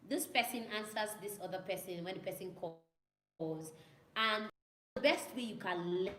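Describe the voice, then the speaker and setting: In an echoey room with faint ambience and a little background noise, a young woman chats with her viewers about their questions. She's a student pilot with a medium-pitched, somewhat bright voice, and she repeats herself and imitates radio calls.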